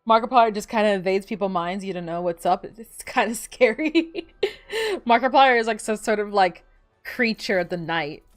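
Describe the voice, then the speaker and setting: A woman's voice: medium pitch, normal speed, no echo. Rambling woman streamer over faint music. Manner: rambling, filler-heavy storytelling. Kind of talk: casual gameplay chat.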